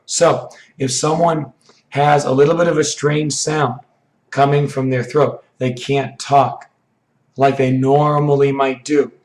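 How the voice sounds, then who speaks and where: A man teaching an English idiom lesson, his voice hoarse and froggy from allergies, explaining slowly with frequent "okay"s. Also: mid-range voice, darkish tone, echoey room, poor audio. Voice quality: froggy, rough throat.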